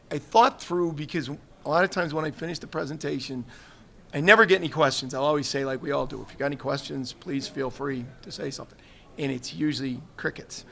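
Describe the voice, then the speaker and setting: A man's voice: a little high, gravelly, a bit bright. A man, a retired fire chief, telling earnest personal stories in a live interview and often quoting other people as he goes. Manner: earnest, reflective, quotes others in his stories. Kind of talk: candid storytelling in a live interview. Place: trade show livestream set.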